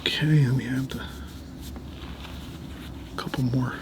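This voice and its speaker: A middle-aged man giving an easygoing oil painting lesson, talking while he works and often trailing off softly. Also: mid-range voice, fairly even intonation, slow, gravelly, background noise. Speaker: painting instructor. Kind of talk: relaxed painting tutorial.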